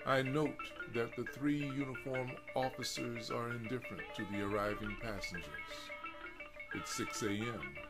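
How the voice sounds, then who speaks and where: A man narrating his own first-person prose as a dramatic reading, in a slow, deliberate and vivid delivery. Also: mid-range voice. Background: marimba music.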